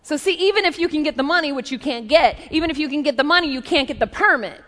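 High-voiced woman preaching in a hall. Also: fast talker. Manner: conversational, lively storytelling with asides. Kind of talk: sermon storytelling. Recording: long reverb of a large hall.

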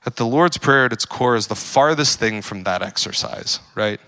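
A young adult man preaching a casual sermon, joking and full of fillers, building to animated emphasis. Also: mid-range voice, normal speed. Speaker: pastor.

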